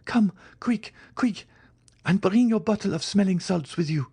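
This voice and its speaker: A man's voice: mid-range voice, expressive, normal speed, mellow, slightly rough, voice pushed up. A man voicing Valentine, anxious young noblewoman. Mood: frantic. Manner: pleading, rising to frantic cries. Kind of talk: audiobook character voice.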